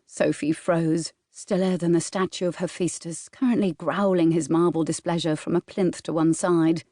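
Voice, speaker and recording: Warm, low-voiced woman narrating an audiobook. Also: steady tone, normal speed, few pauses, no room sound, clean studio sound. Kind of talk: scripted narration. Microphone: studio microphone, close.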